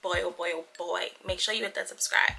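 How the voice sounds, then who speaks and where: A woman's voice: fairly low pitch, steady tone, fairly quick, vocal fry, pushed and bright, a little hiss or hum. A young woman in a casual vlog to camera, talking in a playful, chatty way with slangy asides in her morning voice. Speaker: vlogger.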